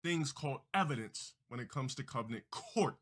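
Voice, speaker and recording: A man's voice: mid-range voice, animated, fairly quick, a bit bright. A man livestreaming, making grandiose and self-important proclamations in a theatrical way.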